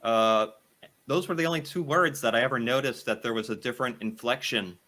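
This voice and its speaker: A man's voice: mid-range voice, brisk, bright, forceful tone. An American man casually reacting to a video, thinking aloud and laughing often. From United States.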